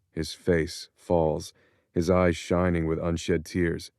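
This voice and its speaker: A man with a very deep, low voice narrates a first-person audiobook in a measured, introspective way. He is recorded close up on a studio mic, and the sound is dry, with no room around it. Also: monotone, vocal fry, a little mellow, no room sound.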